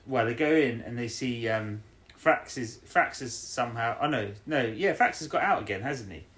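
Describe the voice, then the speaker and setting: Young male podcast co-host, casual recap, animated, slips into character voices. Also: medium pitch, moderate pace.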